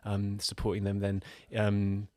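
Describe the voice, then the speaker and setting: A man talks through family stories in a casual podcast chat, reflective and quick to laugh. His voice sits low and the sound is dry and close, with no room around it. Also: monotone, mellow, no room sound. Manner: storytelling, reflective, laughs easily. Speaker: podcast co-host, father of two.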